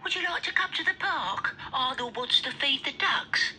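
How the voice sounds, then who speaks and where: Woman voicing a friendly puppet pal, higher voice, coaxing, a bit off mic, music behind. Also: animated, moderate pace, sharp tone, exaggerated voice.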